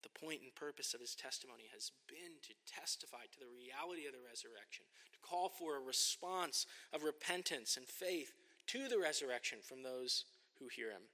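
A man's voice: medium pitch, expressive, moderate pace, few pauses, bright, forceful tone. A man preaching a sermon as a pastor, earnest and emphatic, often asking rhetorical questions, in a church sanctuary. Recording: long reverb of a large hall.

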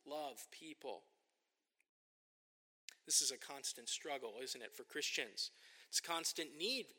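Bright-voiced preacher in a reverberant hall. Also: male voice, a little high. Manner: earnest, emphatic, asks rhetorical questions. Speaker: pastor. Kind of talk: sermon. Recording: long reverb of a large hall.

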